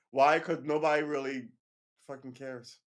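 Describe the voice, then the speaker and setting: Here the livestream host speaks in a mid-range voice with a steady, unhurried tone. He's ranting casually but with heat, cursing frequently, laughing between points, and asking "right?" again and again.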